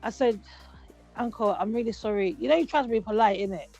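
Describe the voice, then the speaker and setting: A woman, co-hosting a casual chat and telling stories with lively acted-out quotes. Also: fairly high pitch, fast. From Britain. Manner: animated storytelling, acts out quotes. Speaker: podcast co-host. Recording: dull lo-fi sound with faint music.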